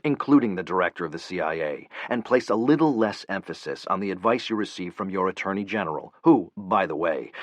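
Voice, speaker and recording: A blunt, furious CIA operative, voiced by a male narrator in an audiobook. His low voice carries cold, cursing anger. The sound is dry and close. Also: a bit bright, no room sound.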